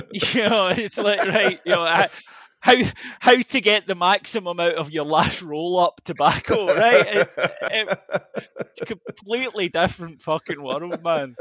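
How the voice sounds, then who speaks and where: A Scottish man co-hosting a podcast, telling stories in casual chat with lots of swearing and animated impressions. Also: sits high, measured pace, no echo. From Scotland. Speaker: podcast co-host.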